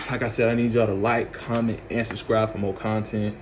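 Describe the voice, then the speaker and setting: Young man, casual storytime vlogger, lively, acts out his reactions. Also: normal speed, noisy background. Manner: animated storyteller, acts out his own reactions with loud high outbursts and laughs.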